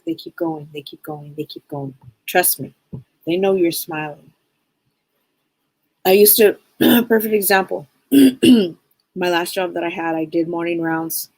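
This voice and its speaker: Woman, live-stream psychic host, casual upbeat talk, repeats phrases, mid pitch, dry close recording. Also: darkish tone, no room sound, low-quality recording.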